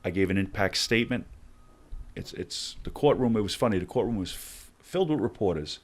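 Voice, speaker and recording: Brisk and very low-voiced, a middle-aged man tells podcast listeners about his experiences as a hostage negotiator. He delivers his stories in conversational bursts, animatedly acting out the dialogue turn by turn.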